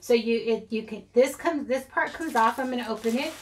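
A woman's voice: on the high side, brisk, heavy background noise. A middle-aged woman, chatting casually and rambling through a craft haul video, often giggling at herself. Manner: rambling, giggly, self-deprecating. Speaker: craft channel host. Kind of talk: casual haul vlog chat.

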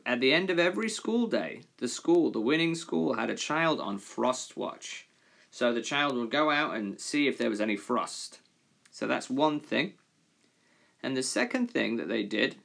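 A man's voice: mid-range voice, creaky, fairly bright tone. A male primary school teacher giving a recorded reading lesson, patiently explaining and reading a fable expressively.

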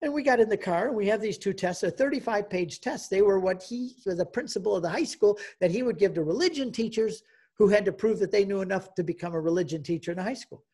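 Husky-voiced older man telling his story. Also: high-pitched, fast, a little mellow. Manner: storytelling, emotional, acts out quoted dialogue. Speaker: guest speaker. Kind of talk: personal testimony lecture.

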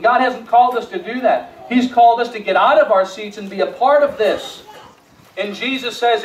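High-voiced male pastor preaching in an echoey church. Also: normal speed, slight background noise. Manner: swings from hushed storytelling to rising emphatic appeals; repeats words when restarting phrases. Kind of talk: sermon. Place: church sanctuary. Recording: echoey church room, mic at a distance.

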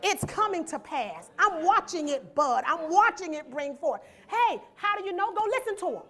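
A woman preaching in church has a very high, slightly bright voice with lively intonation and normal speed. Her sermon moves through scripture verse by verse, read aloud and explained, punctuated by rhetorical questions and call-and-response cries of "amen?"

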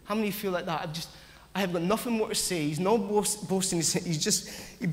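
A man's voice: sits high, a little fast, long reverb tail. A man preaching a sermon in church, earnest, acting out the voices of the doubting, often stumbling and restarting his sentences.

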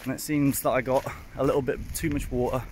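Out on a hillside trail, a Welsh hiking vlogger speaks into a handheld phone, talking fast in a medium-pitched, darkish voice that barely moves in pitch. Chatty and self-mocking, he keeps addressing viewers as folks and is sometimes winded from climbing, with wind and ambient sound around him.

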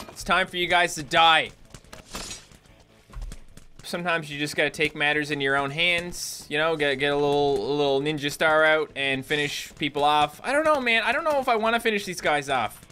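A man's voice: fairly high pitch, fairly quick, sharp tone, slight background noise. A man from Newfoundland doing jokey let's-play commentary, breaking into yelps and laughter as the game goes wild. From Newfoundland, Canada. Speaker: gaming YouTuber.

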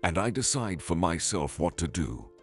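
A man's voice: sits low, very animated, normal speed, faint music behind. A man voicing a wary, stubborn young pregnant woman who speaks firmly and with growing irritation. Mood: insistent. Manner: firm, increasingly irritated.

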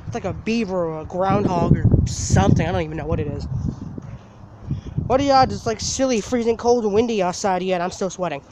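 A man casually telling a story for his vlog outdoors, animated and laughing, swearing now and then. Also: sits high, a little fast. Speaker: vlogger. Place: outdoors, walking in the open. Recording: outdoor noise from traffic.

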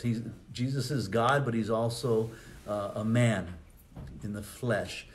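A man's voice: medium pitch, slow. Male pastor, easygoing sermon delivery, chatty asides, mid-range voice. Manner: conversational teaching with rhetorical questions and asides.

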